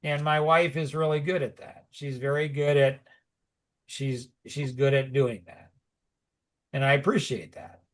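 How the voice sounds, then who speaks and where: A middle-aged man talking casually on a podcast, rambling with lots of "like" and "you know" and animated asides. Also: medium pitch, a little slow. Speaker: podcast co-host. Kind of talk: casual conversational podcast talk.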